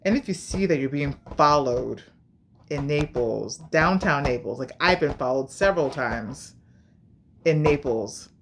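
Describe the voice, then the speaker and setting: In an extremely low, unhurried voice, with a little background noise behind her, an American woman shares advice on her casual vlog. She's an animated, direct, emphatic storyteller who performs the voices of anyone she quotes.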